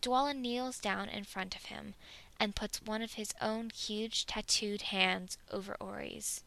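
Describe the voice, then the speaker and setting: A woman reading a romantic fan fiction story aloud in a soft, intimate way, at times sinking into a whisper. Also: mid-range voice, steady tone, unhurried, gravelly, low-quality recording.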